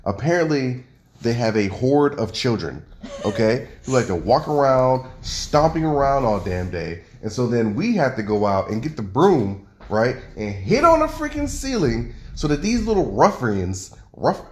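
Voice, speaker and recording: A man co-hosting a casual home podcast, arguing loudly and with lots of energy. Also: mid-range voice, moderate pace, reverberant. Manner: argumentative, loud and animated. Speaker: podcast co-host. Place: home room with noisy neighbors upstairs.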